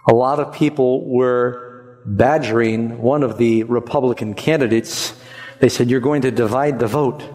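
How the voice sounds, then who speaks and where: A man's voice: medium pitch, darkish tone. A man preaching a sermon to a congregation, emphatic and rhythmic, asking them to repeat a verse with him. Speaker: pastor. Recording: long hall reverb.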